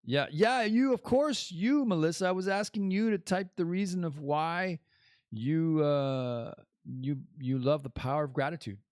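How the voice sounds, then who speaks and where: A man's voice: on the high side, measured pace, darkish tone, no echo, studio quality. A man hosting a podcast as a casual live stream, rambling and joking as he chats. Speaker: podcast host.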